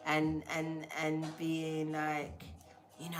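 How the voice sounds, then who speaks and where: A woman telling a story casually to a livestream audience, animated and slangy, acting out the lines of the people in it. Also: deep voice, slow pace, faint music behind. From England. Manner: animated, slangy, acts out dialogue. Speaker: spiritual livestream host.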